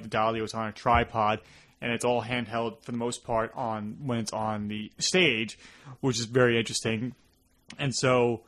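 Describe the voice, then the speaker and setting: Rambling New York podcast host. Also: male voice, medium pitch. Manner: rambling, acts out characters in animated bursts. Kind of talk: casual film discussion.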